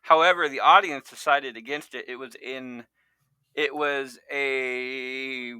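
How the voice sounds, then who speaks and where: A man hosts a casual podcast chat with a strikingly bright, forward voice. He rambles and restarts his sentences often. The sound is dry and close. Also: medium pitch, steady tone, slow, clean tone, no echo. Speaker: podcast host.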